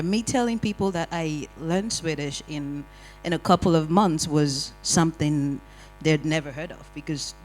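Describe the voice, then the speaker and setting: A panel speaker telling lively, wry personal stories in a discussion. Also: mid-range voice, moderate pace, soft background music, low-quality recording. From Nigeria. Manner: animated, wry storytelling with acted-out quotes. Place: community hall panel.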